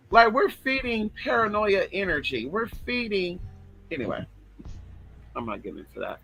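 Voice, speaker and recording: A man's voice: high-pitched, very animated, moderate pace, vocal fry, bright, forceful tone, husky, soft background music, rough recording. Sassy flamboyant man chatting on stream. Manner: sassy, flamboyant, swears freely. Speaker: livestream host reading viewer comments. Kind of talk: casual chatty livestream.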